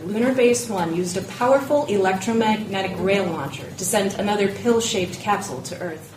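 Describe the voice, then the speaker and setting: Woman narrating a story in an echoey room. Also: mid-range voice. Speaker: guest reader. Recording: echoey room from a distance with faint noise.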